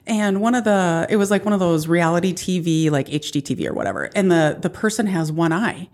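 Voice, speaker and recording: A woman co-hosting a podcast in casual chat, an animated storyteller who laughs often. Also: lowish voice, fairly quick. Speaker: podcast co-host.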